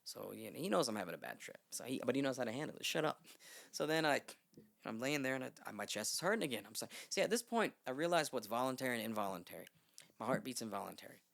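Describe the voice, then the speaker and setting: A man's voice: medium pitch, racing, vocal fry. A man as a podcast guest, telling a long story in a casual, rambling way, swearing freely and acting out what people said. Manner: rambling, animated, swears freely, acts out quotes. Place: podcast studio.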